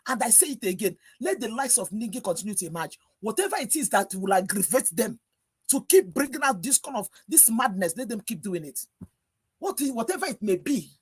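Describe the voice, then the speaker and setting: A woman's voice: a little high, slightly rough. A woman with a Nigerian accent, speaking as a panelist on a live stream over a video call, ranting in anger with one rhetorical question after another. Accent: Nigerian English. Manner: angry, exasperated rant with repeated rhetorical questions.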